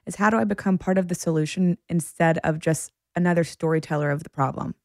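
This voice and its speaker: A woman co-hosting a podcast, telling stories in a relaxed, reflective casual chat. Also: on the low side, fast talker, no echo, studio quality. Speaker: podcast co-host.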